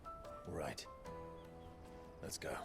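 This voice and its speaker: An actor playing a steady mercenary leader in a video game, giving calm, clipped orders over game music. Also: male voice, drawn-out words. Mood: commanding.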